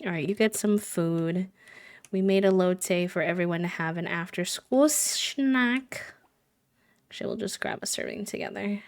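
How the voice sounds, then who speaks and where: A woman's voice: on the low side, normal speed. A woman live-streaming a game, chatting casually, giggling and cooing fondly at the characters. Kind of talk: casual chat while playing a life-sim game.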